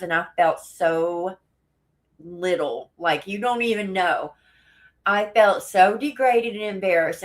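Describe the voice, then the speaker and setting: Woman streamer, casual reaction chat, giggly, mid-pitched. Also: fairly bright tone. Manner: chatty, giggly, conversational.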